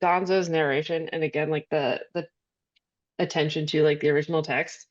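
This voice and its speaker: A woman guesting on a podcast, chatting casually and giggling, with lots of fillers. Her voice sits fairly low, and her audio sounds dull and lo-fi. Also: steady tone, brisk. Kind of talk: casual chat.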